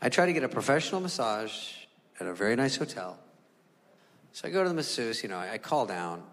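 A male stand-up comedian telling stories on stage, acting out the people and animals in them and swearing freely, with sudden high squeaks and low mutters. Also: very animated, fairly quick, fairly bright tone. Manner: acts out voices of the people and animals in his stories. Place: stage in a large venue. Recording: live hall recording with audience.

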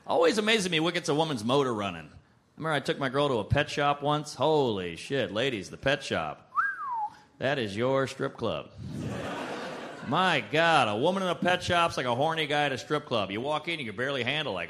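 A man performing a stand-up comedy set on a club stage, with a punchy, brash delivery and quick asides. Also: medium pitch, expressive, background noise.

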